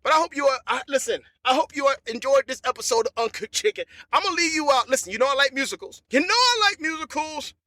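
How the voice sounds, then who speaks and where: A man hosting a comedy podcast, talking in a loose, animated monologue. He repeats phrases and breaks into laughter. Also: very high-pitched, fast talker, few pauses, no echo.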